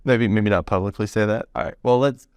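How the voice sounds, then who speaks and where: A man hosting a podcast in casual interview chat, chatty and quick to laugh, with rambling asides. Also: on the low side, darkish tone, smooth, no room sound. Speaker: podcast host.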